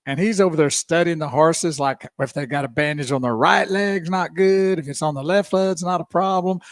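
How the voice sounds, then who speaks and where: A man co-hosting a radio show, easygoing and quick to laugh. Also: a little high, no room sound, studio quality. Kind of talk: casual radio chat.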